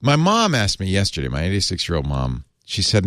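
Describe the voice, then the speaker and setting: A deep-voiced middle-aged man trading jokes in a relaxed tech show. His pitch swings a lot as he jokes. The sound is dry and close, with no room around it. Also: brisk, no echo. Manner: wry, joking, animated. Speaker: podcast co-host. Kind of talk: casual tech chat.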